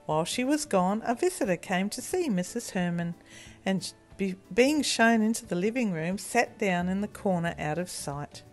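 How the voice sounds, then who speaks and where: A woman reads a moral tale aloud to children, gentle and expressive. Faint music plays softly behind her. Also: mid-range voice, normal speed. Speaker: storyteller. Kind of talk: storybook reading for children.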